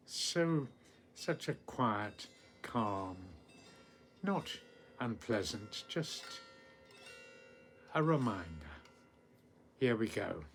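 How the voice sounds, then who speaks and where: Male poetry host, mid-pitched, reads very slowly and deliberately, faint room hum behind. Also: sing-song. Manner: measured, deliberate reading of ancient verse. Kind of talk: slow poetry reading and explanation.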